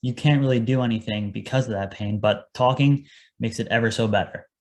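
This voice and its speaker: A man's voice: mid-range voice, brisk, darkish tone. A young man, a paramedic guest on a podcast, telling his work story in an earnest, casual way and acting out his past lines.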